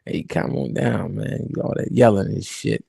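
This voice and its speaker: A man imitating a calm, well-connected older boss who talks slowly and lectures soothingly. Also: lowish voice, vocal fry, slightly rough, no echo, clean studio sound, pitched below the performer's own voice, exaggerated voice. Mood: calm lecturing. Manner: slow, soothing, lecturing drawl.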